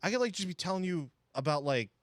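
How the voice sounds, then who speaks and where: Animated young man telling a story. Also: sits high, fast talker, dry recording. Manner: animated, laughing storyteller full of fillers. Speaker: podcast co-host. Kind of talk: casual storytelling among friends.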